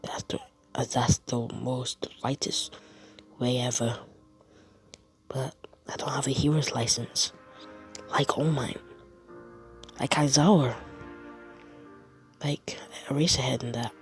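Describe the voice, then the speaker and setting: A man's voice: mid-range voice, fairly even intonation, slow, pauses often, soft background music, low-quality recording. Man rambling through a fan story. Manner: rambling, often drops to a whisper. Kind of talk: improvised fan-fiction narration.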